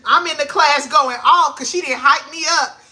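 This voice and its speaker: Bright-voiced young woman, excitable and slangy. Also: moderate pace. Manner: excitable, slangy, grows loud and high when hyped. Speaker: vlogger. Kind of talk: casual chat to camera.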